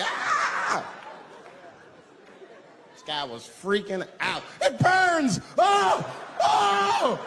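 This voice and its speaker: A man performing a profane stand-up set, telling a story with animated delivery and shouted character voices. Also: high voice, very noisy. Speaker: stand-up comedian. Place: large live comedy venue. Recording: live venue reverb, loud crowd laughter.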